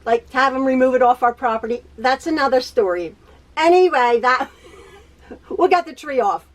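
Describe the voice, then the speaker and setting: A quilting tutorial host chats from her home sewing room in a high voice at a moderate pace. It's a rambling, personal catch-up where she laughs often, repeats herself, and stutters.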